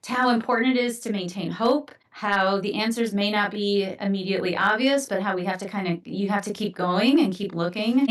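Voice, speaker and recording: A woman's voice: mid-range voice, distant mic, poor audio. A woman podcast host chatting enthusiastically, with many fillers like "you know" and "like". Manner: warmly enthusiastic, filler-heavy. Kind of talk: casual interview chat.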